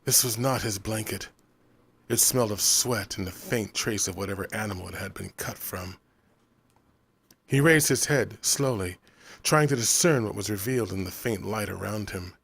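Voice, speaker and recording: A man reading a novel aloud as an audiobook narrator, in a measured, even storytelling manner. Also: fairly low pitch, creaky, husky.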